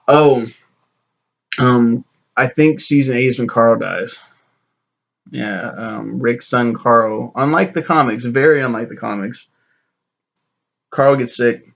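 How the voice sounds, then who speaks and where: Gravelly young man ranting about TV. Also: medium pitch, dull audio. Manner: rambling, profane, animated retelling. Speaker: TV reviewer. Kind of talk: casual spoken review.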